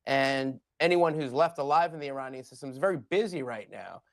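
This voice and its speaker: A man's voice: mid-range voice, fairly quick, vocal fry, no room sound. Man, political analyst, blunt, wry, dry close sound. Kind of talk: live news commentary.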